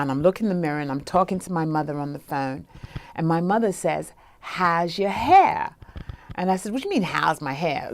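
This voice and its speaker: A woman with a somewhat low voice tells a personal story as a life coach. She speaks conversationally and keeps checking in with the listener by asking "right?". She acts out the voices of the people in her story.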